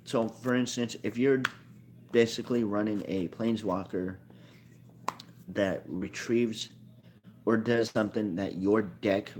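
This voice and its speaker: Low-voiced man rambling about card games. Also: steady tone, measured pace, long pauses, a little mellow. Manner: rambling, self-correcting, thinks aloud. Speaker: card game video maker. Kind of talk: casual explainer monologue.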